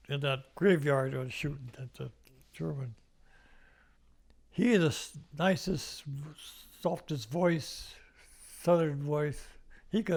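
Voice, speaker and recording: A man's voice: a little high, vocal fry. An older American man telling war stories in an oral history interview, rambling with restarts and little chuckles. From United States. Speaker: veteran interviewee.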